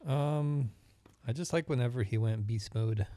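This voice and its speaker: A man's voice: mid-range voice, measured pace, warm tone, dry recording. A man co-hosting a casual movie review chat, giving short laid-back replies. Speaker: podcast co-host.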